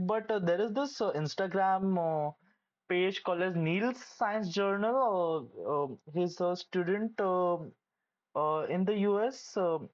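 A young adult medical student giving casual, hesitant advice with many pauses and restarts. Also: mid-range voice, highs cut off.

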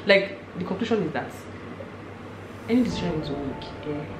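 A woman's voice: lowish voice, normal speed. A young woman, chatting casually and laughing often as the roommate guest. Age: young adult. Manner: animated and laughing, with frequent fillers. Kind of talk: casual chat. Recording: roomy room with background noise.

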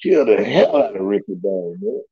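Animated storytelling man, gravelly voice. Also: measured pace, dry recording, lo-fi sound. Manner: animated, loose slangy storytelling with big pitch jumps and laughs. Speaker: guest storyteller. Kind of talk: casual storytelling.

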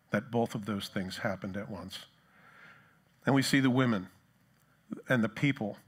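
Preaching conversationally, this man, a pastor, occasionally performs the crowd's jeers in a separate voice. His voice sits lowish and carries a fairly bright tone.

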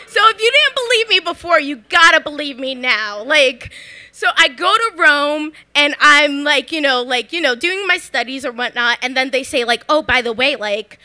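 On a bar's story-slam stage, a young Philadelphia woman with a high, pushed, bright voice tells a funny story from her own life. She's chatty, laughs a lot, and scatters "like" all through her telling.

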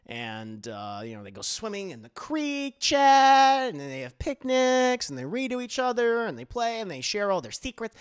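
A man casually recapping a TV episode, animated and profane, acting out the scenes as he goes. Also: sits high, moderate pace, few pauses, clean tone. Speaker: TV reviewer.

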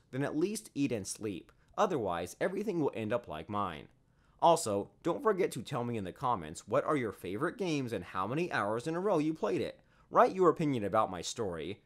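Lively male storybook narrator. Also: mid-range voice. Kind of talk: scripted first-person story narration.

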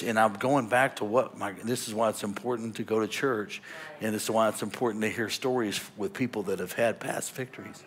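A pastor preaching from the pulpit, a man with a bright, forceful voice. He spins his story in a loose, conversational way, chuckling as he goes. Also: mid-range voice, moderate pace. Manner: animated, chatty, laughing at his own story. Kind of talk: sermon storytelling.

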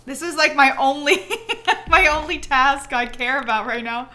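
A young woman streaming a video game live, bubbly and excitable, laughing often. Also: sits high, a little fast, few pauses.

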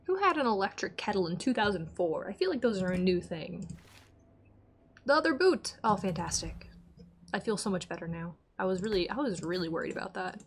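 A woman's voice: medium pitch, lively intonation, fairly quick, slight background noise. A woman streaming a game, chatting casually to herself and her viewers and getting exasperated now and then. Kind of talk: casual let's-play chat.

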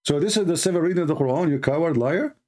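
A man's voice: a little high, expressive, quick pace, a little mellow. A man giving mocking, polemical commentary as a religious debater, sarcastic and taunting.

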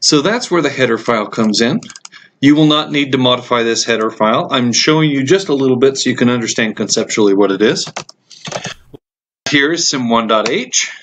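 A man teaching a programming course over a screen recording, explaining code in a relaxed way with frequent ums and uhs, while he has the hiccups. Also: mid-range voice, brisk, a little hiss or hum. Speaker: computer science instructor. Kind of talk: screencast code walkthrough lecture.

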